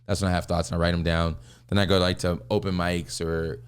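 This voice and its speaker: A young man, a comedian guest on a podcast, chatting casually and acting out voices in animated stories. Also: sits low, fast talker, clear, resonant tone. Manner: animated storyteller who acts out voices.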